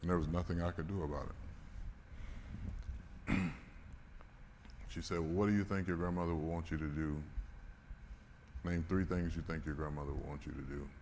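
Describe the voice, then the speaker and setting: A man's voice: very deep voice, steady tone, moderate pace, pauses often, darkish tone. A man giving a candid, emotional storytelling talk at a conference, swearing and laughing now and then. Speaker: conference speaker. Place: large conference hall. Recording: reverberant hall with faint noise.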